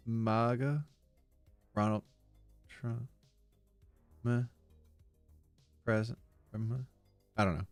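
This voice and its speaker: A man's voice: mid-range voice, steady tone, takes it slowly, long pauses, no room sound, soft background music. A man streaming live, reading online posts aloud in a casual, giggly way and stumbling over words as he reacts.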